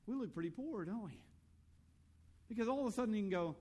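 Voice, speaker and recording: Earnest, slightly high-voiced male preacher. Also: fast talker. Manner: earnest, lively preaching with rhetorical questions; storytelling about his own youth. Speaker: pastor. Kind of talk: sermon.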